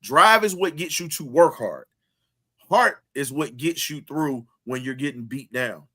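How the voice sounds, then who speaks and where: A man's voice: fairly high pitch, lively intonation, unhurried, bright, forceful tone. A man hosting a heated sports talk show, speaking with an emphatic, preaching cadence and repeating phrases to drive points home.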